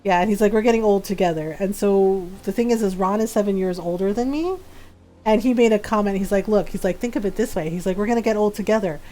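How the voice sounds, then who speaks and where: A woman's voice: medium pitch, quick pace, dark tone. A woman in her forties chatting casually as a streamer while she plays, laughing often and filling her talk with "like" and "um". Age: 40s. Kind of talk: casual chat while gaming.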